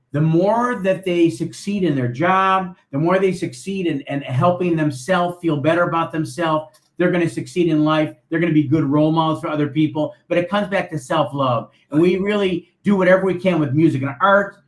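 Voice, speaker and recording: Earnest high-voiced man from buffalo, roomy echo. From Buffalo, New York. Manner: earnest, promotional. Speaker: guest, nonprofit founder. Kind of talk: interview talk.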